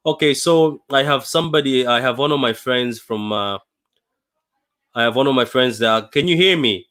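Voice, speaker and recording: A young man hosting a fan livestream after a painful defeat, talking in a dejected, halting way with many repeats and restarts. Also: mid-range voice, a bit bright. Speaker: fan channel livestream host. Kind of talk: emotional post-match fan livestream.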